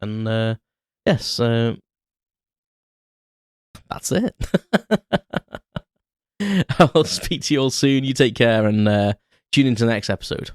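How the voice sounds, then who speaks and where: A man's voice: medium pitch, slow pace, pauses often, smooth, no room sound, studio quality. A British man in his thirties, hosting a podcast and telling an unscripted story in a rambling way with restarts. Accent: British English. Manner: rambling, many restarts and fillers. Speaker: podcast host. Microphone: close podcast mic.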